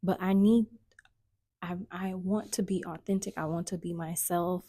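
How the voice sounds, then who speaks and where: Earnest woman with a low, mellow voice. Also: steady tone, moderate pace, no room sound, clean studio sound. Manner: earnest, searching, restarts often, drops into whispers. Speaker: spiritual coach. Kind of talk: casual vlog monologue.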